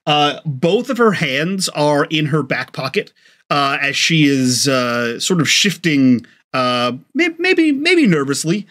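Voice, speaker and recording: A man narrating as game master in a tabletop role-playing game, pausing often with ums and uhs. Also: on the high side, very animated, a bit bright. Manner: hesitant, many filler ums and uhs.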